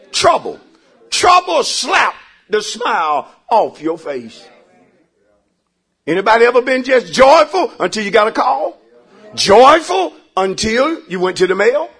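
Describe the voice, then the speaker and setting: A man preaching in church, calling out for the congregation to answer back. His voice sits very high and sounds husky, and it swings widely as he climbs into shouts. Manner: preaching with rising shouts and repeated calls for response. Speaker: pastor. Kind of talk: call-and-response sermon.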